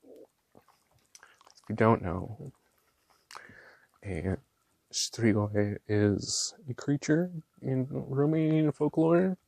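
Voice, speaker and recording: A man chatting casually while swatching inks, gushing and excitable, with slangy talk and lots of fillers. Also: mid-range voice, drawn-out words, vocal fry, pauses often, no room sound. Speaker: ink swatching vlogger.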